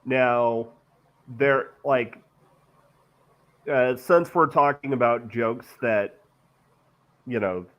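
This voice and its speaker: A man co-hosting a podcast, talking haltingly about films and repeating words as he gathers his thoughts. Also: medium pitch. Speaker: podcast co-host. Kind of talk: casual film discussion. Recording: dull lo-fi mic.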